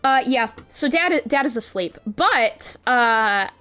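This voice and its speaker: A woman's voice: fairly high pitch, lively intonation, slow, sharp tone. A woman streamer chatting casually with her viewers in a bubbly, cutesy, rambling way. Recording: faint background music.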